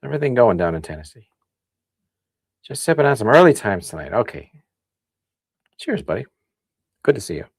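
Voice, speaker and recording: A man from the Midwest hosting a casual livestream, chatting and thinking out loud as he reads comments. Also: mid-range voice, very animated, a little fast, creaky, long pauses, breathy edge, dry recording, clean studio sound. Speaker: livestream host. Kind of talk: casual tasting livestream chat.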